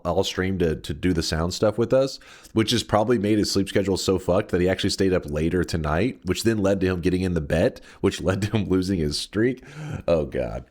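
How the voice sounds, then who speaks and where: A man streaming a game, talking casually in an animated, mock-dramatic way and swearing often. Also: mid-range voice. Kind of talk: casual livestream commentary.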